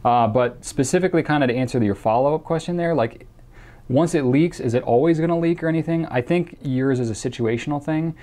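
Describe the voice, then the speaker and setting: A man's voice: on the high side, fairly quick, warm tone. A man hosting a casual question-and-answer show, talking chattily with many fillers and restarts. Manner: reads out a viewer's question in a mock accent. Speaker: host answering viewer questions. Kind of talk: casual chat.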